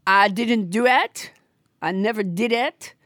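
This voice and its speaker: A woman voicing a blustering, vain male hand-puppet president with a put-on French accent, shouting and petty. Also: mid-range voice, slow pace, no echo, studio quality, pitched below the performer's own voice.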